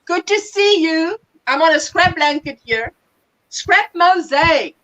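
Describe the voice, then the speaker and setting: A woman with a South African accent hosting a casual livestream chat, telling stories with animated bursts of laughter. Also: extremely high pitch, takes it slowly, low-quality recording. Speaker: livestream host.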